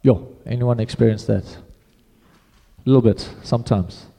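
A man's voice: medium pitch, steady tone, measured pace, gravelly, dark tone, long reverb tail. A man preaching a sermon in a casual, conversational way, often restarting his phrases.

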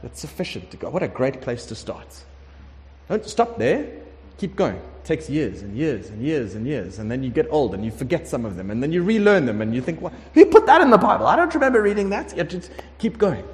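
A man preaching a conversational sermon, emphatic and lively, sometimes acting out prayers. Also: on the high side. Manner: conversational, emphatic, acts out prayers in shifting voices. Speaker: pastor. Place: warm room with congregation. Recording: long hall reverb.

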